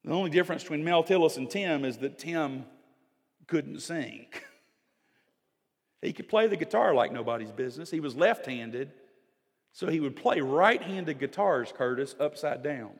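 A middle-aged pastor preaching a sermon, swinging from loud emphatic lines to hushed, near-whispered storytelling. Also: male voice, fairly high pitch, lively intonation, moderate pace, husky, big-room sound.

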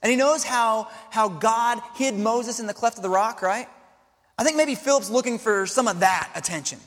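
A man preaching a sermon as pastor, expressive, dropping to a hush and then rising to exclaim. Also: high-pitched, moderate pace. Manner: expressive, swinging between hushed and exclaiming. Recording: long reverb of a large hall.

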